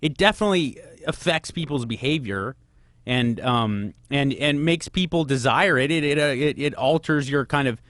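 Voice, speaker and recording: A man's voice: medium pitch, moderate pace, fairly bright tone, no room sound, studio quality. A man hosting a call-in radio advice show, giving frank advice and firing off probing questions. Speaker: radio host.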